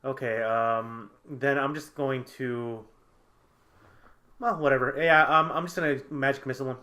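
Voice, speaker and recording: A man playing a tabletop game, hesitant and halting as he looks up rules and spells. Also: medium pitch, steady tone, pushed and bright. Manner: hesitant, many fillers and restarts while looking up rules. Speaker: player.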